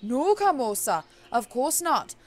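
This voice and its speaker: A woman voicing an eccentric older witch doctor who guards a grave, speaking loudly and sternly in an attempted Jamaican accent that slips toward Scottish. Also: high voice, big pitch swings. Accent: attempted Jamaican, slipping toward Scottish. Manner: loud, gruff, drawn-out stern lines. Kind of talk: let's play voice reading.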